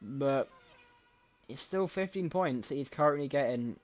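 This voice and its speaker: A man giving live race commentary from home late at night, excitable and often correcting himself mid-sentence, with a scratchy throat. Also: medium pitch, measured pace. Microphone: desk microphone. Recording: slightly muffled lo-fi mic.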